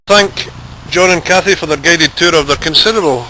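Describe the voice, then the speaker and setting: A Scottish man in his forties films himself outdoors, joking and chatting as he narrates his trip. His voice sits a little high, and clear traffic and street noise run underneath. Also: brisk, sharp tone, poor audio. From Scotland. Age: 40s. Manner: jokey, chatty, teasing banter. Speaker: vlogger. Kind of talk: casual travel vlog narration. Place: outdoors in a city and a large grassy garden. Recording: outdoor camcorder audio with clear background noise.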